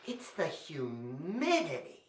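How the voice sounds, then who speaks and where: Playful high-voiced male storyteller. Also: wildly swooping pitch, takes it slowly. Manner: playful, coaxing the kids to join in. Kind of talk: animated children's story performance. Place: library event room. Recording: echoey room.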